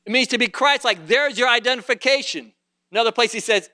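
A man preaching a sermon in a church, climbing to fervent shouting and then dropping to quiet, conversational storytelling. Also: animated, fast. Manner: rises to shouted fervor, then drops low and conversational. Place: church sanctuary.

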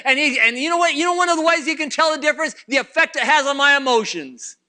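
A man's voice: very high voice, quick pace, hardly any pauses, pushed and bright. A man preaching a sermon, fervent and repetitive, talking straight to his congregation.

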